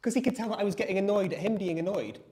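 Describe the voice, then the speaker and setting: A man's voice: high voice, very fast. A man co-hosting a livestream, chatting casually and acting out the people in his stories. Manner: animated storyteller, acts out quoted exchanges. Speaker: livestream co-host. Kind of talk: casual chat.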